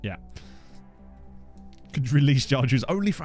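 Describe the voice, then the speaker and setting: A man in casual let's-play commentary, chatty and self-mocking as he thinks out loud at a desk microphone. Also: medium pitch, sing-song, fast, faint music behind. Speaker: gaming YouTuber. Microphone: USB desk microphone.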